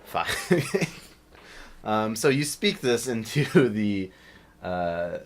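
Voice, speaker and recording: A man narrating as game master of a tabletop game, talking in a relaxed way and laughing often. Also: fairly low pitch, extremely slow.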